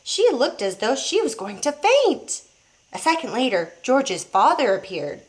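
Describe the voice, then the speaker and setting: Expressive woman reading aloud to kids. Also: high voice, measured pace. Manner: expressive, showing pictures as she reads. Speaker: teacher. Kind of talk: reading a picture book aloud to children.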